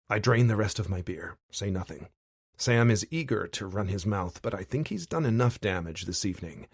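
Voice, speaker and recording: A man narrating a thriller audiobook in the first person, in a measured, wry manner. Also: fairly low pitch, animated, slightly rough, no echo, studio quality.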